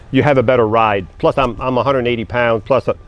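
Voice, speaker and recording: A man's voice: medium pitch, normal speed. A man walking viewers through a power wheelchair as a mobility equipment dealer, plainspoken and talking to them as folks, his voice getting worn. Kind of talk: product walkthrough demo. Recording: echoey room.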